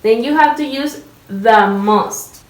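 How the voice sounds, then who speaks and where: A young woman from Mexico, teaching an English lesson slowly and patiently, spelling out each step. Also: on the high side. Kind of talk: recorded online lesson. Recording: echoey room.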